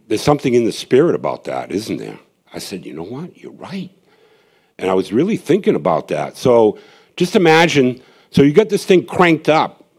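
A street evangelist with a mid-range, darkish voice shares his testimony with a gathering. He rambles earnestly, restarting often and wandering into asides.

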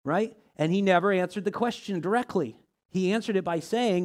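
A man teaching a small church group in a conversational way, reading scripture aloud and asking many rhetorical questions. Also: normal speed. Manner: reads scripture aloud, shifts pitch and loudness often. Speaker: pastor or teacher.

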